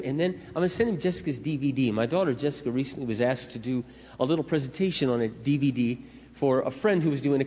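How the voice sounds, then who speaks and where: Middle-aged male pastor, conversational storytelling sermon, mid-pitched, recorded in a reverberant hall. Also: darkish tone. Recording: echoey hall, dull lo-fi sound.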